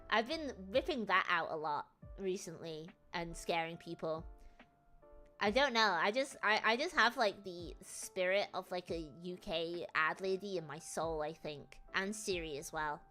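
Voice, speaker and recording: A woman from northern England chatting casually on a live stream, excitable and rambling, with faint music behind. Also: lowish voice, normal speed.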